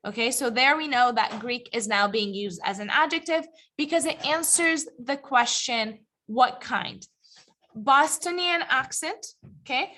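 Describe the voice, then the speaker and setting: Her voice sits high and sounds bright and forceful, animated yet a little slow, as this ESL teacher walks a live class through English grammar, streamed online too. She stays patient and encouraging, frequently questioning students to make sure they understand.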